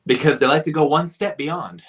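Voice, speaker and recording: A man's voice: fairly high pitch, normal speed, fairly bright tone. A man co-hosting a casual fan review chat, jokey and stammering. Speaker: podcast co-host.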